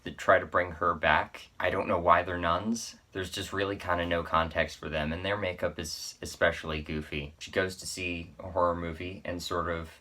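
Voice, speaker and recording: Low, flat-voiced man reviewing films. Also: moderate pace, hardly any pauses. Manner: rambling, with offhand asides and self-corrections. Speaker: horror film reviewer. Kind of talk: casual spoken movie review.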